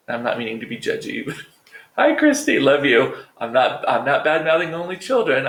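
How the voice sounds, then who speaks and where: A man talks straight to his viewers in a loose, rambling vlog monologue, swearing freely and tossing in jokes and asides. His voice sits at a middling pitch. The sound carries a noticeable roomy echo. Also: gravelly, a bit bright. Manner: profane, joking, rambling asides. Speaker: vlog host. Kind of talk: casual chatty monologue to viewers.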